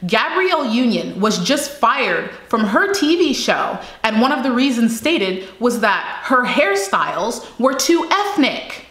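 A woman's voice: fairly high pitch, big pitch swings, a little slow, few pauses, a bit bright. Young woman ranting passionately on her channel, hammers points home w/ repeats, roomy echo. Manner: emphatic, repeats phrases for weight, rhetorical questions. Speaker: commentary channel host. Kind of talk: impassioned personal commentary. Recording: echoey room.

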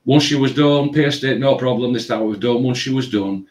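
A man's voice: medium pitch, normal speed, far from the mic. A man, casually telling a long story with lots of filler phrases. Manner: rambling, animated retelling with filler phrases. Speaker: tattoo shop owner. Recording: roomy, from away from the mic.

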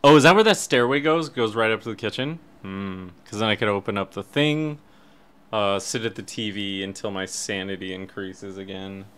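A man's voice: on the low side, moderate pace, a bit bright, clean tone. A man streaming a horror game live, commentating and swearing, yelping when startled.

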